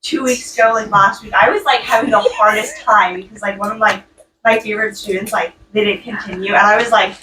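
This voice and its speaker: A woman telling a casual story in class, animated and laughing, with many fillers. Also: mid-range voice, fairly quick, reverberant, far from the mic, low-quality recording.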